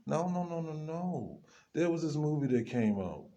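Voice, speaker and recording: A man's voice: fairly high pitch, big pitch swings, moderate pace, mellow, lo-fi sound. A man vlogging, ranting to the camera in a loose, rambling way, full of slang and asides to himself. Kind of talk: rambling casual rant to camera.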